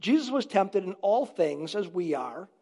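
A man's voice: high voice, big pitch swings, measured pace, warm tone, husky. A man preaching a sermon as a pastor, emphatic and repeating phrases for stress.

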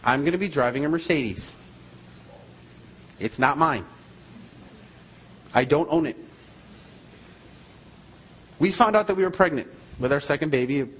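A man's voice: a little high, lively intonation, unhurried, pauses often, fairly bright tone, breathy edge, poor audio. A man, a missionary, preaching a sermon and telling a story in an emphatic, repetitive way.

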